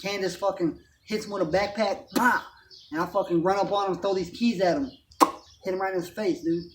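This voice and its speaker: High-voiced man telling his story, slangy. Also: fairly quick, a little hiss or hum. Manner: rambling, profane, street slang, fillers like man and dog. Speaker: storyteller recounting his life. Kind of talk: casual personal storytelling.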